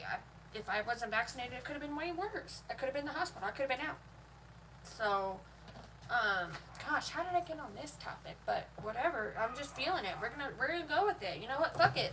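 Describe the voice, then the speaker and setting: Young woman going off on a heated cussing rant, bright higher voice, mic kinda far, little hiss. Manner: profane, heated, emphatic. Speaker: vlogger. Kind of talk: heated opinion rant to camera. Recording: voice a bit far from the mic, faint noise.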